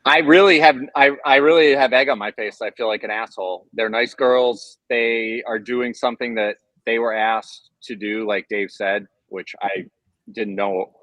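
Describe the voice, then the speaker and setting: A man's voice: mid-range voice, fairly even intonation, normal speed, fairly bright tone, no echo. A man co-hosting a podcast, talking in an apologetic, sheepish and conceding way. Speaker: podcast co-host. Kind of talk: casual chat.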